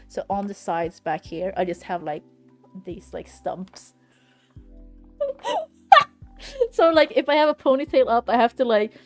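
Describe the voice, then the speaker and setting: A woman's voice: medium pitch, a little mellow. A woman streaming live from home, chatting casually in a blunt, ranting way and swearing freely.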